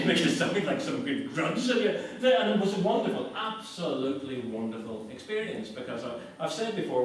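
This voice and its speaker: A man's voice: mid-range voice, slight background noise. A man giving a conversational, self-mocking talk to an audience in a lecture hall. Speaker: guest speaker. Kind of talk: anecdotal public talk. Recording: echoey hall from far off.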